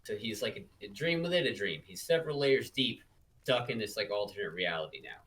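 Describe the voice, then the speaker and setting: A man's voice: fairly low pitch, animated, fairly quick, a bit bright, poor audio. A man co-hosting a casual book-review podcast, wry and incredulous. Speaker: podcast co-host.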